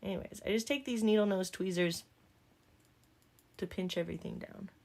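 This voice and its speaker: Creaky-voiced Southern woman chatting. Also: mid-range voice, normal speed, a little mellow. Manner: joking, rambling asides. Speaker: makeup vlogger. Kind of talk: casual chatty tutorial.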